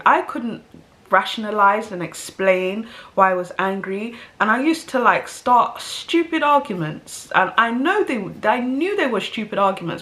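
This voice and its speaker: A woman's voice: medium pitch, fairly bright tone. Chatty woman with stuffy nose. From South London. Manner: chatty, rambling with fillers and self-aware asides. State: stuffy nose from hay fever. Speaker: vlogger. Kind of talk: casual storytelling to camera.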